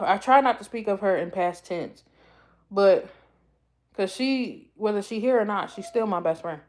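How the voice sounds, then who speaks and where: A young woman from the US East Coast talks casually on a livestream, in a voice that sits at an ordinary middle pitch. She speaks in a heartfelt, rambling way, circling back and repeating her phrases as she talks straight to her viewers. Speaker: YouTube livestream host.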